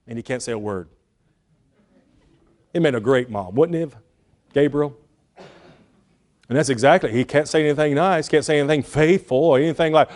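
Animated male preacher. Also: high-pitched, brisk. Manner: animated, swings from loud emphasis to hushed asides; acts out quoted speakers in lively voices. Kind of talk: sermon.

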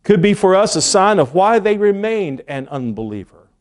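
A man with a fairly high voice delivers a sermon. He speaks earnestly, pausing and repeating words, and acts out the quotes he cites. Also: big pitch swings. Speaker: preacher.

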